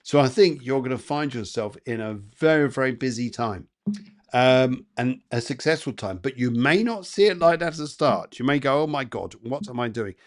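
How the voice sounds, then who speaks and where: A man's voice: mid-range voice, expressive, moderate pace. Chatty man giving psychic readings. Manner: chatty and encouraging, many fillers and restarts. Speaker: psychic medium doing live readings. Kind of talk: live-streamed readings to chat viewers.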